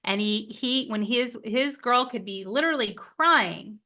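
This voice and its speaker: Woman, therapist guest, animated delivery, higher pitch, bright tone. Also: unhurried. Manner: animated, acts out quoted voices of clients. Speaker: marriage and family therapist guest. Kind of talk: podcast interview.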